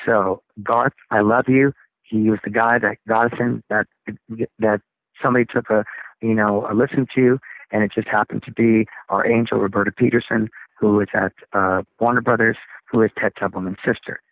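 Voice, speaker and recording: Deep-voiced man on a phone line. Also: normal speed, dry recording. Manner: rambling, animated storytelling with laughs. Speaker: rock singer, interview guest. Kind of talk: casual phone interview. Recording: tinny phone line, dry.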